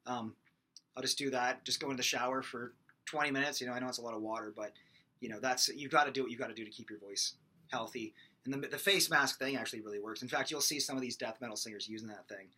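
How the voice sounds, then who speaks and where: A man's voice: medium pitch, fast, sharp tone. A young man giving a casual, rambling singing lesson, full of fillers and restarts. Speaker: singing teacher. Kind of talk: casual vocal lesson with sung demonstrations.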